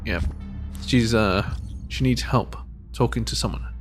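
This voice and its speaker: A man's voice: mid-range voice, measured pace, faint music behind. A man casually commenting on a story game, reading dialogue aloud, joking and restarting his sentences. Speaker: gamer playing through a story game.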